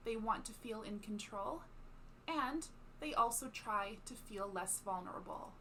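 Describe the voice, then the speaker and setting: A woman giving calm, scripted educational narration about communication styles. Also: fairly high pitch, slight background noise. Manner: calm, explanatory. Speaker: psychology educator.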